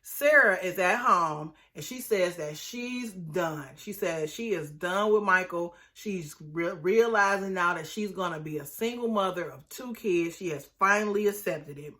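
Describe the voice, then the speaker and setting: A woman talks through a reality show episode in a casual, chatty way. Her voice is bright and forward, and she keeps breaking into exclamations. She acts out the quoted lines in a lower voice. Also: measured pace, hardly any pauses. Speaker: reality TV recap host. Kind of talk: casual recap commentary.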